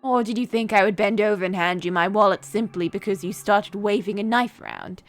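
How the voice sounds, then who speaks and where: A woman reading a cold, calm young man who craves violence, in an even, measured voice while reading a game aloud. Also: mid-range voice, soft background music, close to an everyday voice.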